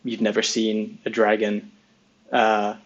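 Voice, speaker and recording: Slow-talking man narrating as game master. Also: lowish voice, completely flat delivery, highs cut off. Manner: measured, descriptive narration with frequent um pauses.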